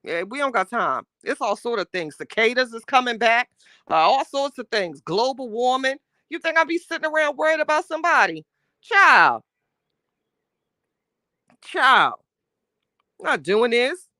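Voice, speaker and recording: Laughing often and full of sass, a livestream host reads her chat in an animated, casual style laced with Southern Black American slang. Her voice sits on the high side and runs a little fast, recorded at studio quality with no room sound.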